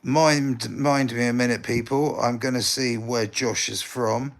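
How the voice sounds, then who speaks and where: A man's voice: mid-range voice, fairly even intonation, unhurried. An English man on a casual livestream, rambling and talking straight to his chat viewers, now and then flaring up in indignant bursts.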